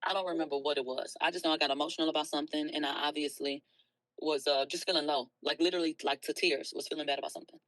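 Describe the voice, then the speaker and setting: Bright-voiced woman ranting bluntly on a stream. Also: low-pitched, fairly even intonation, racing, no echo, poor audio. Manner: blunt, profane, swings from soft to loud. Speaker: livestream host. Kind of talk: emotional early-morning livestream rant.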